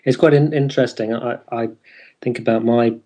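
A man's voice: medium pitch, fairly even intonation, moderate pace, mellow. A man from the north of England hosting an interview, asking curious, chatty questions. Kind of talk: conversational interview.

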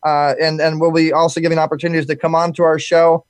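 A man hosting a live talk radio show, wrapping up with energetic, fast shout-outs and frequent repeated words. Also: a little high, clean tone, no echo.

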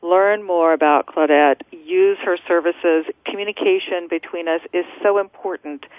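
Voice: medium pitch, steady tone, no room sound. Talk radio host, reflective and chatty, heard over a dry tinny phone line. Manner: thoughtful, rambling, quick to laugh. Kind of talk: conversational interview.

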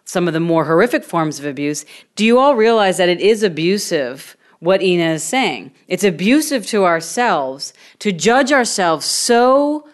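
Low-voiced woman hosting a coaching show. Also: moderate pace. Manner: energetic, prompts and interrupts to guide the guest. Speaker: show host and facilitator. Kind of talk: coaching session on a talk show.

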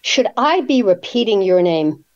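A woman's voice: medium pitch, very animated, unhurried, lo-fi sound. A woman hosting an interview show, asking questions conversationally and adding her own stories. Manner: conversational, asks questions with personal anecdotes. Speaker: radio show host.

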